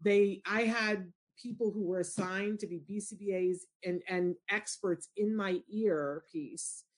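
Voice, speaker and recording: Middle-aged woman, talk show host, animated storyteller with big pitch jumps. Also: unhurried. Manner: expressive, shifts into high excited squeals when retelling. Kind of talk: animated storytelling in casual chat.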